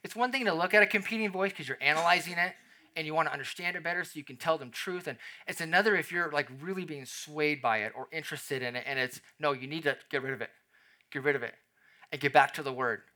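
A man preaching a sermon as pastor, animated and conversational, acting out little scenes in quoted voices. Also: on the high side, quick pace.

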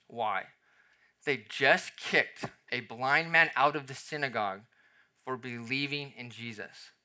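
A young adult man preaching a sermon, dropping to a soft emphasis on key phrases and swinging his loudness up and down. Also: on the high side. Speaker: pastor.

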